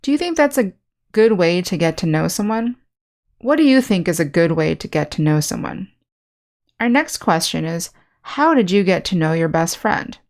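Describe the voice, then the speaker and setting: A woman with a slightly low voice teaches an online English class. She speaks slowly and clearly, modeling example sentences for learners. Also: animated, darkish tone. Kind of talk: scripted online lesson.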